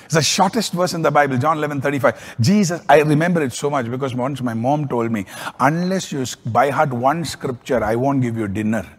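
A man preaching a sermon as a pastor, telling stories with lively swings in pitch and volume. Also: husky, long reverb tail.

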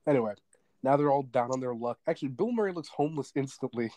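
A man's voice: medium pitch, animated, fast, warm tone, dry recording. A young man co-hosting a podcast, telling stories animatedly and laughing often. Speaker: podcast co-host. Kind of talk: casual chat.

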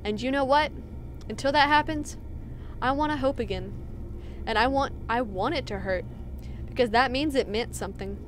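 A woman voicing a weary, anxious young female cat from a game, reading her lines slowly and brooding. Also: high voice, slight background noise, close to an everyday voice. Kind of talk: reading game dialogue aloud.

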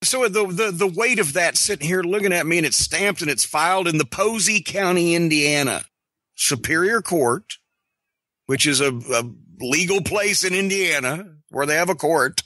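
Middle-aged podcast guy, sarcastic and cussing, high bright voice, dry close sound. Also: moderate pace, dry recording. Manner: animated, profane, sarcastic storyteller. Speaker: podcast host. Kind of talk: casual storytelling on a podcast.

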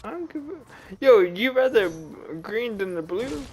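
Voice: mid-range voice, lively intonation, a little slow, a little mellow, a little hiss or hum. A gamer chatting casually while playing, teasing and laughing constantly. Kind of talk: casual gaming chat.

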